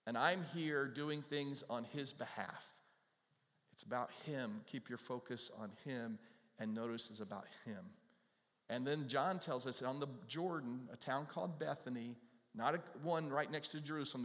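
A man's voice: medium pitch, a bit bright. A man preaching an expository sermon in a casual, folksy way, joking with the congregation. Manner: conversational, folksy, jokes with the congregation. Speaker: pastor. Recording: long reverb from a large hall.

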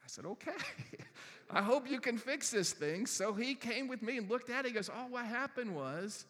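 A man giving a sermon, telling a personal story with lively, acted-out inner dialogue. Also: very high voice, normal speed, long reverb tail. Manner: animated storytelling, acts out his own inner voice. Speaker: pastor.

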